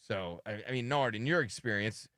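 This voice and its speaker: A man's voice: fairly low pitch, moderate pace, no echo, studio quality. A man hosting a live radio show, teasing his co-hosts and retelling a caller's clip. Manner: teasing, animated storytelling.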